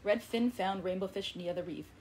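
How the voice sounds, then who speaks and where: A woman librarian reading a picture book aloud at a children's story time, with an expressive read-aloud manner. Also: mid-range voice, moderate pace, background noise.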